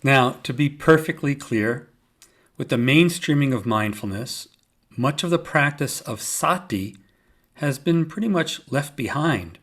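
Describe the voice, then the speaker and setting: Hosting his own podcast solo, a man explains yoga and mindfulness in a calm, measured teaching voice with gentle humor. His pitch is medium.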